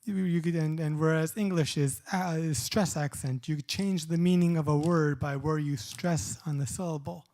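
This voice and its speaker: A middle-aged man giving a poetry reading at a live event, reading short poems and explaining them in a casual, halting way. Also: on the high side, fairly even intonation, a little mellow. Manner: halting, many restarts and fillers when explaining.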